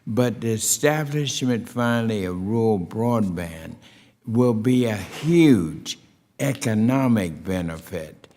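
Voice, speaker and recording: A man chairing a committee hearing, giving formal opening remarks in a deliberate manner with frequent "uh" fillers. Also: lowish voice, expressive, a little mellow, in a large hall. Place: hearing room.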